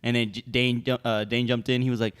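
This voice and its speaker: A man's voice: medium pitch, flat delivery, quick pace, a bit bright, clean tone. A young man co-hosting a casual podcast with friends, telling a story in a loose, rambling way full of slang and restarts. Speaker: podcast co-host. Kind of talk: casual chat among friends.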